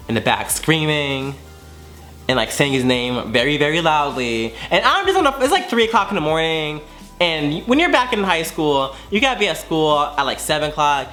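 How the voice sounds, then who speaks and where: A man's voice: mid-range voice, bright, forceful tone. A man in his twenties telling a dramatic storytime to his viewers, profane and theatrical. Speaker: vlogger. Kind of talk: casual storytime.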